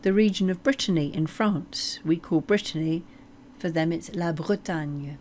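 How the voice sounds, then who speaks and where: A woman teaching French place names, slowly modeling each word. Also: fairly low pitch, darkish tone, slight background noise. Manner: slow, deliberate modeling of French words. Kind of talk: explanatory language lesson.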